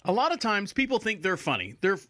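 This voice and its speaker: A man's voice: high voice, big pitch swings, fairly quick, bright, forceful tone, no echo. A man hosting a podcast in a casual, rambling monologue, repeating himself and chuckling. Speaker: podcast host.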